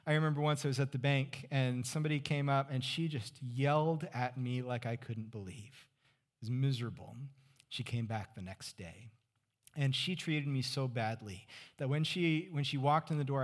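A man in the pulpit delivers his sermon in a relaxed, conversational way. His voice sits in a middle pitch, and he keeps tossing rhetorical questions to the room. He sinks to a near-whisper when he wants a point to land. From California Central Valley. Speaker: pastor.

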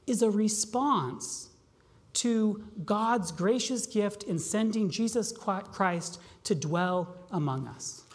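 A pastor preaching a sermon, asking rhetorical questions and slowing down on key phrases. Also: mid-range voice. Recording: long reverb of a large hall.

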